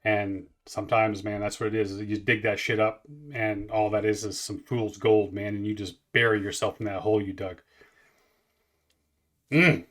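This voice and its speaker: Low, forceful man in his forties. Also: level tone, moderate pace. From Canada. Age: 40s. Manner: rambling, profane, many restarts. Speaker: music reaction host. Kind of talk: casual reaction commentary.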